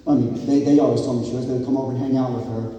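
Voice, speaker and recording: A man's voice: medium pitch, fairly even intonation, very fast. Rambling man giving a wedding toast. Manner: rambling, joking, sentimental, shouts out crowd cheers. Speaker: wedding toast speaker, groom's friend. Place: wedding reception hall. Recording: echoey hall, mic from a distance.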